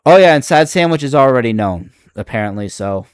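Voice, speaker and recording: A man's voice: medium pitch, lively intonation, a little fast, clean tone, no room sound, studio quality. Exasperated, profane man ranting. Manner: exasperated, profane, rambling with restarts. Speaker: video creator. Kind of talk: reacting to comments on video.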